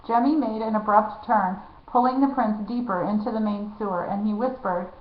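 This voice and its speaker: Woman narrator, lively storybook reading, lo-fi dull recording. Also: medium pitch, moderate pace, few pauses. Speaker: reader. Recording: echoey, dull lo-fi room.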